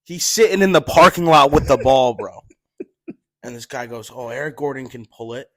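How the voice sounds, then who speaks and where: Man, storyteller, animated with swearing, medium pitch, dry recording. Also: normal speed, no room sound. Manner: animated, swearing, laughing through stories. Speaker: podcast guest telling stories. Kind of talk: casual storytelling chat.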